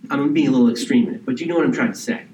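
A man's voice: mid-range voice, racing, mellow, slight background noise. Male pastor, sermon delivery, conversational with rhetorical questions, mid-range voice, roomy and a bit distant from the mic. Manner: conversational preaching with rhetorical questions and mocking impressions. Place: church sanctuary.

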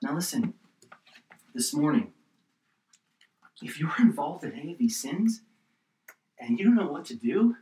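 A man preaching a sermon as pastor, passionate and swinging between loud emphasis and quiet appeals. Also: a little high, sing-song, a little slow, long pauses. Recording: roomy echo, distant mic.

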